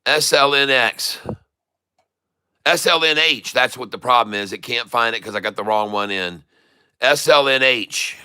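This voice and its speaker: A middle-aged man hosting a day-trading channel, giving excitable, exclamatory live trading commentary with mild cursing. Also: mid-range voice, measured pace, clear, resonant tone, dry recording.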